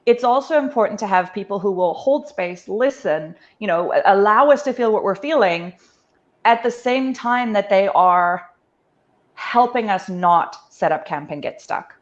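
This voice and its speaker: A woman talks earnestly and with conviction in a relaxed conversation, swearing freely for emphasis. Her voice comes through on dull, muffled lo-fi audio. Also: medium pitch, moderate pace. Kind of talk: casual conversation.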